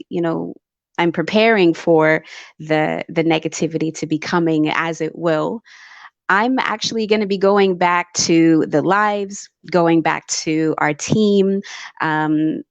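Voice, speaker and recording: Very low gravelly woman from England, dry and dull-sounding call audio, hesitant. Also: no room sound. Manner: halting, with many fillers and restarts. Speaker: guest business partner. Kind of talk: casual live-stream chat.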